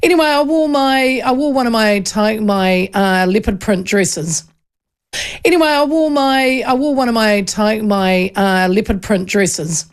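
A middle-aged woman with a New Zealand accent hosts a talk radio show. She chats casually and tells stories with plenty of laughter. Her voice sits at an ordinary pitch for a woman. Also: measured pace, clean tone. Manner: chatty storyteller who laughs often.

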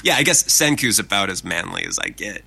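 A man, a voice actor chatting casually as an interview guest, animated and self-deprecating. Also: low-pitched, a little fast, creaky, breathy edge, poor audio.

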